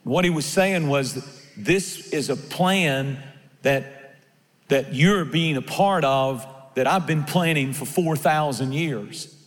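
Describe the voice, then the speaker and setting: A man's voice: fairly high pitch, slow, in a large hall. A male pastor preaching a sermon, emphatic and given to repeating his words as he tells stories.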